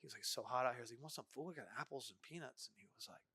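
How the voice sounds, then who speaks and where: A man's voice: medium pitch, very fast, slightly rough, no echo. A man as a podcast guest, telling a story casually, acting out voices and asking "right?" often. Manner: animated, acts out dialogue, frequent "right?".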